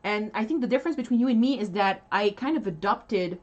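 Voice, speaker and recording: A woman's voice: mid-range voice, fast talker, dull audio. French woman co-hosting a live chat, chatty and laughing, casual. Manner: chatty, laughs often, restarts sentences. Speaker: livestream co-host.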